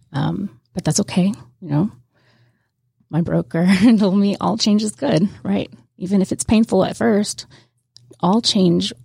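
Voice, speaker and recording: A woman's voice: medium pitch, creaky, mellow, breathy edge, no echo, clean studio sound. A woman from Mississippi, a guest in a conversation, telling a candid personal story with emotion, frequent laughs and restarts.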